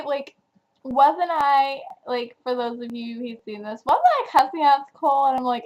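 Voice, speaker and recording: At home at night, a young woman from New Jersey reviews a book in a casual vlog, gushing and chatty and heavy on fillers. Her voice sits high with big pitch swings, a little slow and a little mellow, and the audio is dull.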